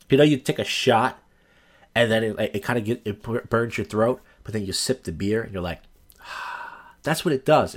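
A man's voice: mid-range voice, husky. A man hosting a podcast, telling crude, rambling, self-deprecating stories in a casual monologue. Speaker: podcast host.

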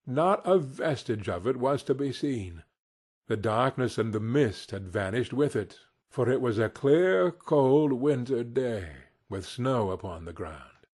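A man reading a classic tale aloud with a slightly husky voice. He takes his time and lets his pitch roam widely to color the story. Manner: expressive, unhurried storytelling. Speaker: audiobook narrator. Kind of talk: scripted narration.

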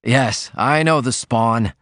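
A male narrator voices an earnest young sailor-poet who speaks with eager warmth. His tone stays even in pitch, close and dry. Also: takes it slowly, dry recording.

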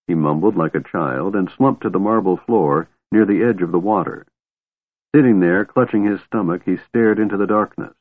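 A man narrating an audiobook in expressive storytelling style, on a tinny, phone-like recording. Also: low voice, brisk, slightly rough, no room sound. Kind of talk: scripted narration.

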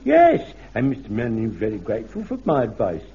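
A man's voice: medium pitch, huge pitch swings, a little fast, mellow. An actor playing a flustered, eager elderly platoon man who rambles and stammers in a vintage radio comedy. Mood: anxious. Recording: dull lo-fi archive radio recording with faint hiss.

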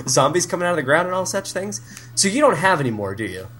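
A man's voice: high voice, sing-song, fast, a bit bright, faint music behind. A man hosting a casual comedic movie quiz, teasing and laughing often. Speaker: podcast host running a movie quiz.

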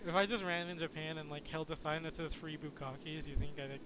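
A man's voice: on the high side, steady tone, a little fast. A young man chatting casually with friends, making crude jokes and laughing a lot. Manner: giggly, crude joking. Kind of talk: casual chat. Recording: noisy background hiss.

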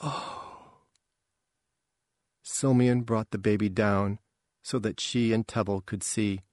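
A man reading a science fiction story aloud in a slow, measured way. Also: fairly low pitch, steady tone, darkish tone, dry recording. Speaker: narrator. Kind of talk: audiobook reading.

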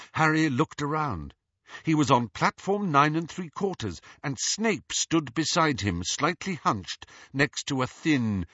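A man narrating an audiobook in an expressive, animated reading. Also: mid-range voice, no room sound. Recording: slightly dull, dry recording.

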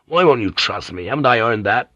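A man's voice: mid-range voice, expressive, fairly quick, pushed and bright, no room sound, highs cut off. A man reading an audiobook and voicing a weary, bitter sea pilot who speaks through clenched teeth. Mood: accusing.

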